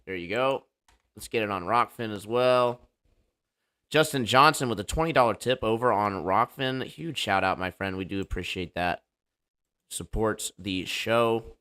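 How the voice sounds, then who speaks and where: Speaking at a normal pace in a lowish, pushed, bright voice, a man kicks off his casual livestream debate show. He keeps it loose and jokey, with hype-style banter.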